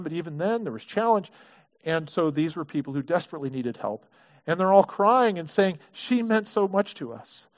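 A man's voice: high-pitched, muffled recording. Conversational man preaching a sermon. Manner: conversational, acts out quoted prayers, frequent restarts. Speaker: pastor.

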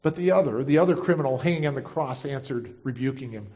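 A man's voice: mid-range voice, fast, mellow, dull audio. A man preaching a sermon, retelling scripture and acting out the quoted voices with feeling. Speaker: pastor.

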